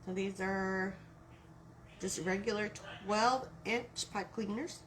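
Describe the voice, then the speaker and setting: A woman's voice: medium pitch, fairly even intonation, slow, background noise. A woman with a Texan accent hosting a live craft tutorial, chatting and greeting viewers by name as she works. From Texas. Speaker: craft live-stream host.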